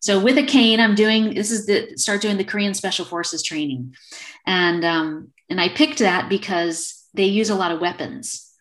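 A woman in her fifties who works as an acupuncturist talks at a moderate pace in a mid-range voice. Appearing on a video call for a casual storytelling interview, she recounts a story and acts out what was said.

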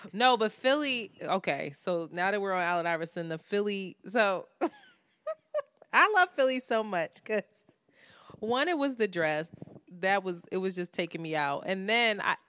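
A woman's voice: medium pitch, very animated, measured pace, fairly bright tone, no room sound. A young woman from Philadelphia co-hosting a casual podcast chat, telling stories animatedly with frequent laughter and casual swearing. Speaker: podcast co-host. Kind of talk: casual chat between friends.

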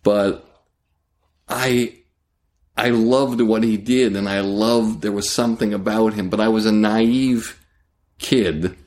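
A male comedian spinning a story in conversation, with a low voice and an unhurried delivery. He acts out scenes and restarts his sentences as he goes. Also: fairly even intonation, a little mellow.

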